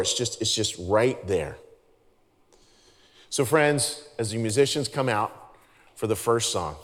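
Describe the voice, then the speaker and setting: A male pastor speaks in a middle-pitched voice, giving a sermon. He is earnest and conversational and restarts his sentences often. His voice rings with the long reverb of a large church hall.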